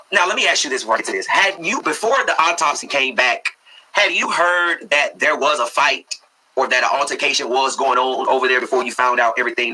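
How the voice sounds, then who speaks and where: A man's voice: medium pitch, sharp tone, a little hiss or hum, poor audio. A man hosting an interview, outraged and emphatic as he asks questions. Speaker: interview host. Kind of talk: emotional interview talk.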